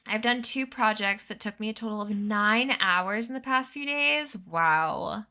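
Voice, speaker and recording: Speaking at a measured pace in a medium-pitched, bright and forceful voice, a young woman in her twenties reads a book aloud on stream. Bubbly and giggly yet sleepy and yawning, she chats casually with her viewers and reads their chat names aloud.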